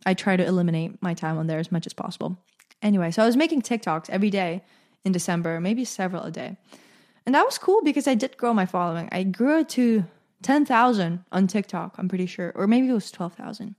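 A woman's voice: medium pitch, animated, quick pace, a little mellow. Young woman, podcast host, casual solo chat, playful and self-amused; natural mid-range voice. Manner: chatty and self-amused, laughs at own jokes.

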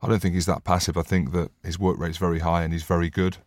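Deep guy telling stories on a podcast, dry close mic. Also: flat delivery, fast talker, darkish tone, no echo. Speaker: podcast co-host, rugby player. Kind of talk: casual banter.

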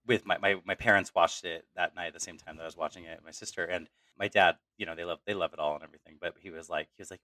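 A man's voice: low voice, fairly even intonation, rapid-fire, hardly any pauses, pushed and bright, dry recording. A man co-hosting a podcast roundtable, talking in a rambling, emotional way and laughing often. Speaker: podcast co-host. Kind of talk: casual roundtable chat.

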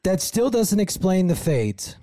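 A man co-hosting a podcast, trading quick sarcastic wisecracks with swearing in casual chat. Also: high voice, big pitch swings, dark tone, dry recording. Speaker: podcast co-host.

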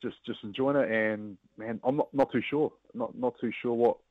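A New Zealand man in his thirties, a rugby player being interviewed by phone, talking in a relaxed, halting way with many restarts. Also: medium pitch, vocal fry, dry recording. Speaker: guest, professional rugby player. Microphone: phone line. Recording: dull, dry phone line.

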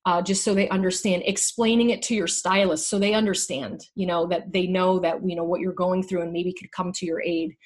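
Husky middle aged woman opening up about her life, lots of stops and restarts, candid and emotional. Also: on the low side, fairly even intonation. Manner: candid, halting, restarts often. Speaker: guest sharing her story. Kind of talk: emotional personal conversation.

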